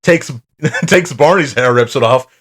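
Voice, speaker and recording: A man's voice: medium pitch, unhurried, fairly bright tone. A man co-hosting a cartoon podcast, retelling the plot in rambling, profane, casual chat. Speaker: podcast co-host.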